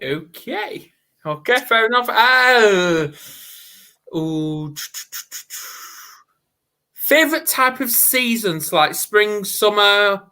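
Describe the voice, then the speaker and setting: A man with a Northern English accent hosts a live online interview over a video call, firing off quick questions in a chatty, upbeat, casual way. His voice sits high and sounds animated, pushed and bright, with a clean tone. He speaks extremely slowly and pauses often.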